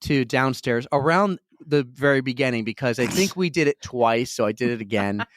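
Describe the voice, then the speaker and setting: A man co-hosting a podcast from a hotel conference room, telling stories in a loud, excitable, energetic way. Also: medium pitch, normal speed, dry recording, studio quality. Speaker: podcast co-host. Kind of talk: casual chat. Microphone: computer setup.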